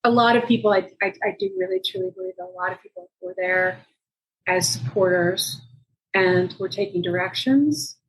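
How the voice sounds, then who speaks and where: Interviewed about her reporting work, a woman journalist recounts a story at a moderate pace in a lively, chatty way. Her voice leaps higher whenever she acts out someone's quoted words. The recording is rough.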